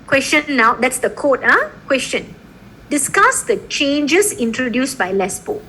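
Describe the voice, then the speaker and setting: A woman's voice: sits high, unhurried, slight background noise, low-quality recording. A woman law lecturer teaching a class, explaining an assignment and often checking in with her students. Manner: lively, repeatedly checking in with "okay?" and "right?".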